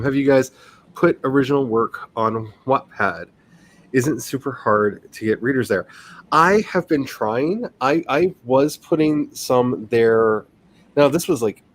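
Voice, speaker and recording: A man's voice: mid-range voice, a little hiss or hum. A man in his forties chatting casually on a livestream, rambling along, reading his chat and laughing often. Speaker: livestream host, writer.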